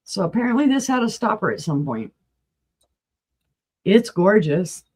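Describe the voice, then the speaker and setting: With a mid-range, sing-song voice that's unhurried, a little mellow and husky, a woman from New Mexico speaks in her home accent. She's a guest seller on a live auction stream, casually chatting and describing glassware closely for viewers.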